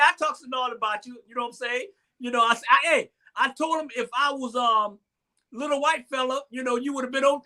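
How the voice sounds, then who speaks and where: A man's voice: extremely high pitch, bright, forceful tone. A man hosting a casual live-stream talk show, rambling and repeating himself as he jokes and complains. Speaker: show host.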